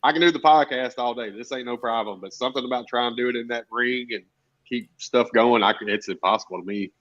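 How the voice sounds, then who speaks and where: A laid-back man co-hosts a podcast over a video call, laughing easily as he talks. His audio comes through muffled and lo-fi. His voice sits at a middling pitch. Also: quick pace, a bit bright. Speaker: co-host. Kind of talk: casual chat.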